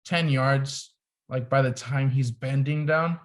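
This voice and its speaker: Young man telling an animated story. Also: mid-range voice, slow pace. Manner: animated storyteller, heavy use of "like". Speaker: photographer guest. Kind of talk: casual podcast storytelling.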